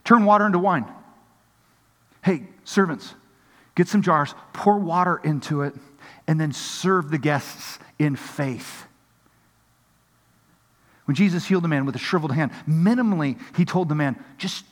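A man's voice: a little high, moderate pace, big-room sound. A man preaching a sermon as pastor, acting out the voices of people in the story.

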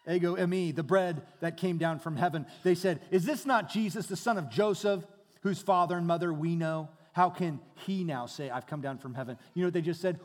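Male pastor, fairly high voice, dynamic sermon delivery, long hall echo. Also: a little fast. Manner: dynamic preaching, dropping to hushed tones then rising loud.

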